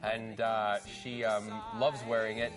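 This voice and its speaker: A man's voice: lowish voice, little pitch movement, measured pace, music in the background. A man as a celebrity guest on a TV shopping show, teasing and playful, laughing often.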